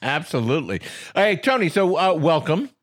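A man with a high, very lively voice trades comic barbs as co-host of a podcast. He plays up mock outrage and breaks into laughter often. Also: normal speed. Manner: playfully indignant, laughing often. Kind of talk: comedic banter.

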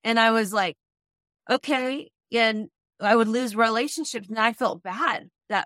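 A woman's voice: mid-range voice, normal speed, fairly bright tone, dry recording. Chatty woman host, dry close voice. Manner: chatty, acts out her own past remarks, trails off. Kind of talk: casual conversational interview.

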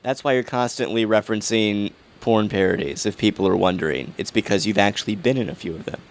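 A man's voice: fairly low pitch, quick pace. A man hosting a podcast, chatting casually and reading the show's sign-off plugs in an easygoing way. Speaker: podcast host. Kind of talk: casual chat and show outro.

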